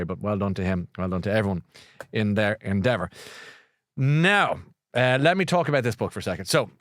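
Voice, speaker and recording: A man's voice: on the low side, no room sound, studio quality. A middle-aged Irish man hosting a podcast, chatting in a rambling way with many restarts and self-corrections. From Ireland. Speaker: podcast host. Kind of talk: casual chat, book recommendation.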